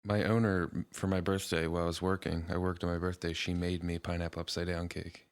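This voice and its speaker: A young man, co-hosting a podcast, who laughs a lot and drops deadpan jokes into the casual banter. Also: sits low, quick pace, clear, resonant tone. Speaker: podcast co-host.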